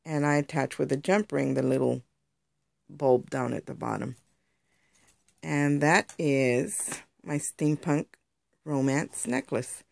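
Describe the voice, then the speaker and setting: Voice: medium pitch, steady tone, slow pace, vocal fry, long pauses, darkish tone, no room sound. A crafter chatting through a casual show-and-tell tutorial on handmade jewelry, rambling and explaining step by step.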